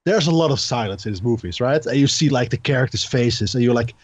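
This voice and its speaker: A man co-hosting a podcast, chatting casually about films, excitable and stammering, laughing often. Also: mid-range voice, quick pace, dry recording, dull audio. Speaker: podcast co-host. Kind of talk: casual film chat.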